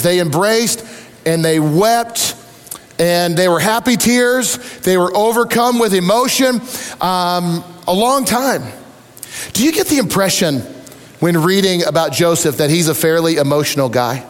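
A middle-aged man preaching a sermon as a pastor, telling animated, self-deprecating stories. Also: high-pitched, in a large hall.

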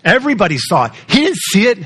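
A man's voice: high-pitched, big pitch swings, fast talker, a bit bright, husky. A male pastor preaching a sermon in a conversational storytelling way, putting questions to the congregation.

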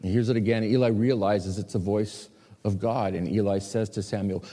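A man preaching a sermon as pastor, telling stories with lively acted-out quotes. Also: lowish voice, normal speed. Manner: animated storytelling with acted quotes. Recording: long hall reverb.

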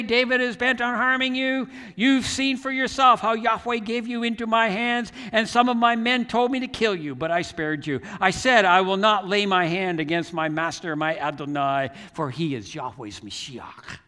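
Guy putting on a high, loud pleading young king, impassioned, big echoey church. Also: moderate pace, smooth. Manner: impassioned, declaiming. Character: young male warrior-king pleading earnestly.

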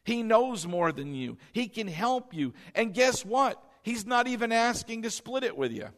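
A man's voice: sits high, big pitch swings, normal speed, a bit bright. A man preaching a sermon as pastor, exhorting the congregation, repeating key lines and asking them questions. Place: church sanctuary. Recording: long hall reverb.

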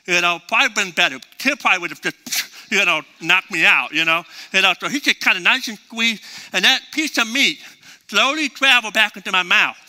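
A man preaching a sermon and telling a story in a folksy, animated way. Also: high voice, brisk. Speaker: pastor. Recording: reverberant hall.

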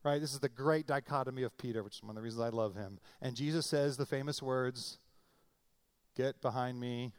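A middle-aged male pastor preaching in a conversational, animated way, acting out quotes with comic voices. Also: medium pitch, brisk, clear, resonant tone. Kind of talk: sermon.

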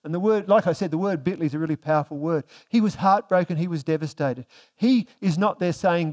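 High-voiced man preaching a sermon. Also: fast, few pauses. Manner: asks the congregation rhetorical questions; swings between emphatic and hushed delivery. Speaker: pastor.

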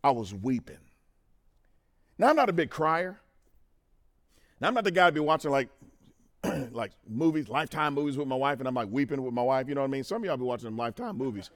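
A middle-aged man giving a testimony sermon at a men's conference, talking straight to the crowd and moving from quiet to loud. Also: mid-range voice, fairly quick, long pauses. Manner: animated, talks to the crowd, swings from quiet to loud. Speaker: conference speaker.

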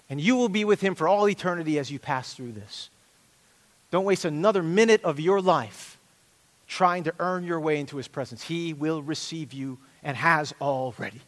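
A middle-aged pastor preaches an earnest, emphatic sermon in a church sanctuary, returning again and again to repeated phrases. His voice sits fairly high and a bit bright, moving at a moderate pace, and the recording carries a long hall reverb.

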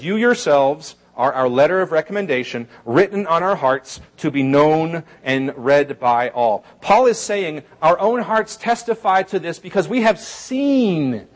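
Wry, conversational male preacher. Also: sits high. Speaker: pastor. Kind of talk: sermon.

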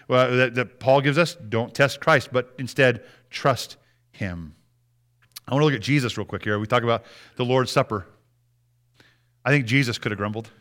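A man's voice: mid-range voice, a bit bright. A man preaching a sermon in a conversational way, often restarting words and acting out prayers. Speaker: pastor.

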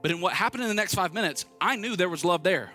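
Bright, earnest preaching man. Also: high voice, animated, fast talker, faint music behind. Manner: earnest, conversational preaching, building to urgent appeals. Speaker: pastor. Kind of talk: sermon with personal storytelling.

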